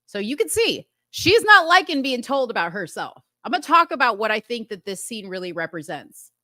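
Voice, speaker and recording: Speaking a little fast on a dry recording, a female talk-show host gives an animated, casual rundown of a TV episode, performing characters' dialogue with rising pitch.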